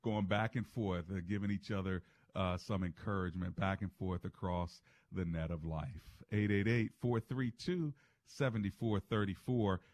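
Low-voiced man hosting call-in ministry radio. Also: fairly even intonation, moderate pace, few pauses, no room sound. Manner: warm, encouraging, laughs easily.

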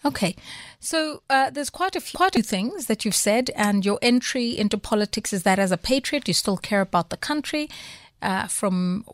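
A woman hosting a current-affairs radio interview, asking measured, probing questions with frequent fillers. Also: on the high side, lively intonation, no room sound.

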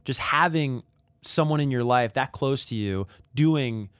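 A man's voice: mid-range voice, measured pace, a bit bright, smooth, no room sound, studio quality. A young man hosting an interview, chummy and laid-back, calling his guest "dude" and "bro". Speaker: host. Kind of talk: casual interview chat.

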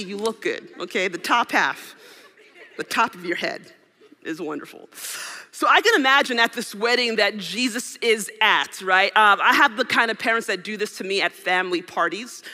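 A man's voice: high voice, sharp tone, a little hiss or hum. A man preaching a sermon to a live audience in a church hall, playful and joking as he leads the crowd. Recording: reverberant hall with keyboard music.

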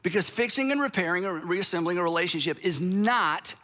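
Male speaker, sermon-style delivery, high and bright, lively, slips into quoted voices. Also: brisk. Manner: animated, acts out the voices of people he quotes. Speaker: speaker addressing an audience.

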